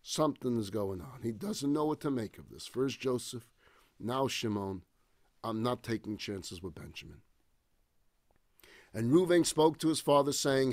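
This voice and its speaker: A male rabbi teaching a Bible study class, reading verses aloud and retelling them in casual, expressive paraphrase. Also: mid-range voice, unhurried, dry recording, studio quality.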